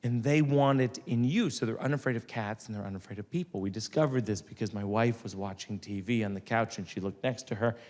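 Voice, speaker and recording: A man in his forties doing conversational stand-up storytelling on a theater stage, wry and building to loud punchlines. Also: on the low side, fairly quick, few pauses. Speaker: stand-up comedian. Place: theater stage before an audience. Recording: long hall reverb, audience noise.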